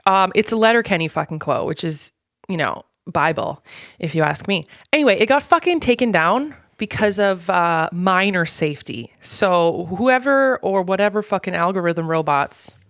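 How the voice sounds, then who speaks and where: A young Canadian woman with a fairly low voice talks straight into a dry, close mic, heard with no room sound. She hosts her own show as a solo, rambling monologue. Her talk is loose, unfiltered and full of swearing and fillers. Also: expressive, normal speed, no room sound. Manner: unfiltered, profane and ranting; casual, rambling with many fillers. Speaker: podcast host.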